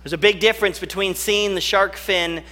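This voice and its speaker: A man preaching a sermon as a pastor, talking earnestly and slowing right down on key phrases. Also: high voice, steady tone, pushed and bright, big-room sound.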